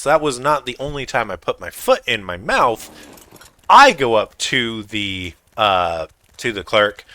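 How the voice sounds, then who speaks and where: Slow, bright-voiced man telling stories. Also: lowish voice. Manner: rambling, self-deprecating, many ums. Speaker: gaming channel host. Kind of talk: casual storytelling over gameplay.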